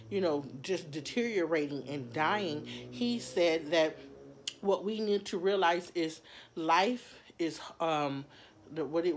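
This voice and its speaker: A woman vlogger talking personally to her viewers in an earnest, heartfelt way, halting often with fillers and restarts. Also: fairly low pitch, slight background noise. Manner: heartfelt, speaks straight to viewers. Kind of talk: personal talk to camera.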